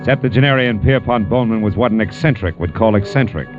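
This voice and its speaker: A man's voice: lowish voice, brisk, natural voice. A man in 1940s radio acting, playing a wry, tough private detective who also narrates, on a dull old radio broadcast with faint music. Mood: narrating. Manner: wry, clipped, sardonic.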